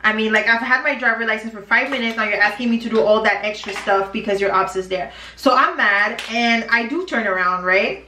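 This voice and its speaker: A woman's voice: a little high, brisk, few pauses, bright, forceful tone, slight background noise. Chatty, dramatic young woman storyteller. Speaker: beauty vlogger. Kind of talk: storytime chat while doing makeup. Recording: roomy, distant from mic.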